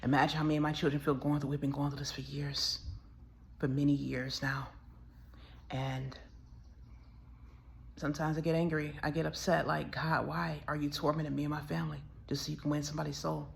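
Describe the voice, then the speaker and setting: A woman's voice: low voice, little pitch movement, fairly quick, vocal fry, slight background noise. A woman talking to camera in a tired, aggrieved monologue, repeating herself as she goes on. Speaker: vlogger.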